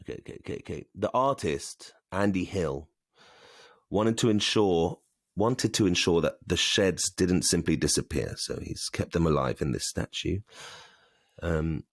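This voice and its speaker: A man's voice: deep voice, animated, a little slow, gravelly, pauses often, no echo, clean studio sound. A man co-hosting a podcast, chatting casually and reading out plugs and notices. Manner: chatty, reads plugs and notices aloud with fillers. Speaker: podcast co-host. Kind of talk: casual chat.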